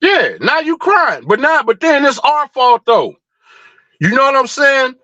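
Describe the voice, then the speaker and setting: A man's voice: very high-pitched, big pitch swings, a little slow, pushed and bright, no room sound, dull audio. A man hosting a livestream, ranting in a fired-up, blunt and profane way, full of rhetorical questions. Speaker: livestream host. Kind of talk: heated livestream rant.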